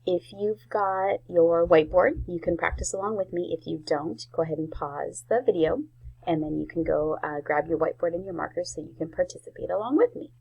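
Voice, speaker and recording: Woman teacher doing a kids spelling lesson, kinda low and husky, sounds words out slow. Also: dull audio. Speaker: first grade teacher. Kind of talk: spelling lesson for young children.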